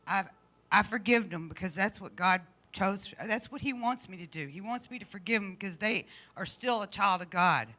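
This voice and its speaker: Bright-voiced woman giving a halting testimony. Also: mid-range voice. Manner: halting, heartfelt, emotional. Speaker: church member giving testimony. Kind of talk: personal testimony to a congregation. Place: church service.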